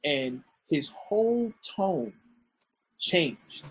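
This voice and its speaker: A man, a podcast guest, telling a story in casual talk, animated and swearing freely, often repeating his words. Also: fairly high pitch, very slow, husky.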